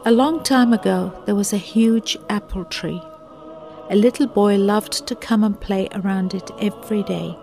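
A woman narrating a moral storybook tale in a calm, earnest read-aloud manner. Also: medium pitch, moderate pace, gravelly, faint music behind.

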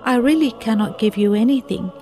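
A woman voicing a gentle, giving old apple tree, speaking softly and tenderly. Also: a little high, brisk, soft background music, natural voice.

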